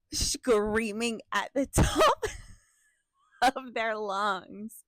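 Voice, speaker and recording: Profane, animated woman telling a story. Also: fairly high pitch, extremely slow, no room sound, clean studio sound. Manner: animated, profane, laughing asides to the audience. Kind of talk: casual storytime vlog.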